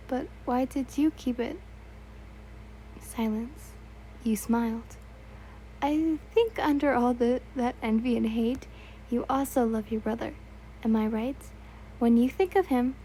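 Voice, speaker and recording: A woman's voice: fairly high pitch, mellow, slight background noise, rough recording. A young woman reading fan fiction aloud in a casual, stumbling way, correcting herself and adding asides.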